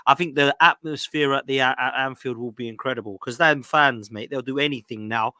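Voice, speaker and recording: A man's voice: mid-range voice, steady tone, brisk, pushed and bright, no echo, clean studio sound. A man hosting a football podcast, upbeat and matey, calling everyone "mate" and "man". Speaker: podcast host. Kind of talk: casual podcast chat.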